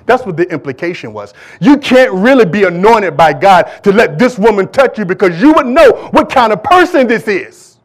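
High-voiced, impassioned male preacher. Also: very animated, moderate pace, hardly any pauses. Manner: impassioned, repetitive preaching cadence, talks to the congregation. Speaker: pastor. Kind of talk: sermon. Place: church.

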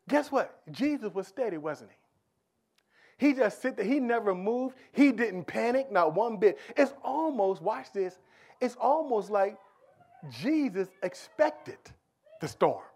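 Male preacher with a high voice and a dramatic sermon, dropping to a hush and rising to near-shouts. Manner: rhetorical questions, repetitions.

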